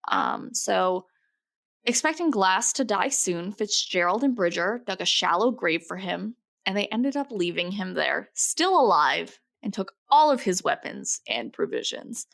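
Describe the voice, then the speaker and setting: A woman's voice: mid-range voice, expressive, unhurried, vocal fry, fairly bright tone. A young woman co-hosting a podcast, telling a story in a loose, jokey way and laughing often. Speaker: podcast co-host. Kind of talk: casual storytelling chat.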